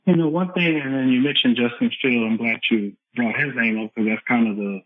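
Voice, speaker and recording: A man's voice: medium pitch, fairly quick, no echo. A man speaking as a coach and podcast guest, explaining in an earnest, repetitive way. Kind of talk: conversational podcast interview. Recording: tinny phone-line audio.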